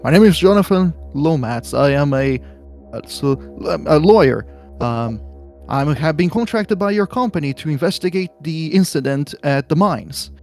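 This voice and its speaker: A man's voice: on the high side, expressive, moderate pace, darkish tone, faint music behind. A man voicing a shy, formal lawyer who speaks in a stiff, hesitant way.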